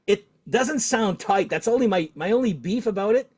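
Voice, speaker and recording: A middle-aged man hosting a casual talk show, talkative and animated, laughing often. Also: sits high, moderate pace, breathy edge. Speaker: podcast host. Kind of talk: casual chat.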